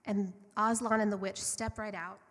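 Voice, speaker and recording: A woman's voice: mid-range voice, little pitch movement, normal speed. Earnest woman preaching in a reverberant hall. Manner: earnest, fervent, conversational. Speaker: church speaker. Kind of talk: storytelling sermon.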